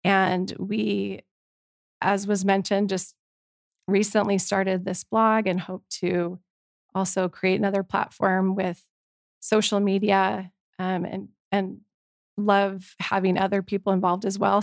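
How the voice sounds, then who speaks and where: Gravelly-voiced woman describing her blog. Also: mid-range voice, little pitch movement, slow, dry recording, studio quality. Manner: informal, hesitant, with restarts. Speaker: blog co-author. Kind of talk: casual explanation.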